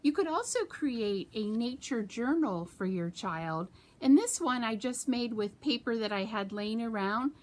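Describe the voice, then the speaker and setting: A woman's voice: a little high, expressive, measured pace, hardly any pauses, darkish tone. A woman children's librarian leading a storytime, reading a story with sound effects and doing hand-motion rhymes.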